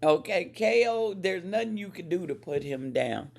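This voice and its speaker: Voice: medium pitch, expressive, normal speed, vocal fry. A podcast host in casual chat, recapping events and handing the talk to co-hosts.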